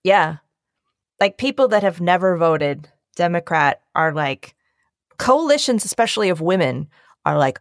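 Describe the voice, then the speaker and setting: A woman from Northeast Philadelphia, hosting a podcast, talking excitably and theatrically, rambling in casual chat. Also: on the low side, unhurried, dry recording, clean studio sound. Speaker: podcast host.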